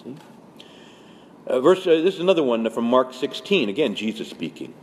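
A man's voice: mid-range voice, sing-song, moderate pace, darkish tone. A man, a Catholic priest speaking to fellow priests, preaching urgently with many restarts and reading scripture aloud. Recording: long hall reverb, faint background noise.

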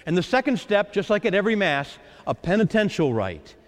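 Animated priest preaching in a reverberant church. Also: male voice, sits high, fairly quick. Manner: animated, dramatizing the Lord's and disciples' lines. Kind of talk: sermon. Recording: echoey church with long reverb.

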